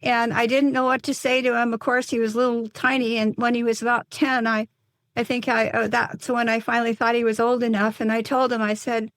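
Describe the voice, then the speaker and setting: An older woman, a psychotherapist and mother, telling a painful personal story in an interview, earnest and halting with many restarts. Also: fairly high pitch, little pitch movement, fairly bright tone, no echo.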